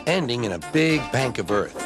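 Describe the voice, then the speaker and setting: A man narrating a children's train story in a lively storybook manner. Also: normal speed. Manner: lively, very animated pitch. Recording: music underneath.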